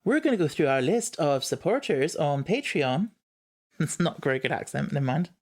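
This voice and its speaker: A man doing a rough impression of a cheerful young Scottish woman from the Highlands. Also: big pitch swings, fairly quick. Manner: a shaky impression he admits is not very good. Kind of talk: podcast chat.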